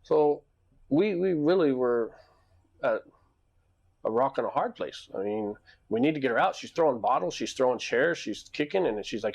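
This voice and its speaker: A man's voice: medium pitch, moderate pace, gravelly. A man who runs a nightclub, telling stories from work in a rambling, casual way, with restarts and long asides. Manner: animated when reenacting arguments. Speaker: nightclub owner. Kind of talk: casual storytelling vlog.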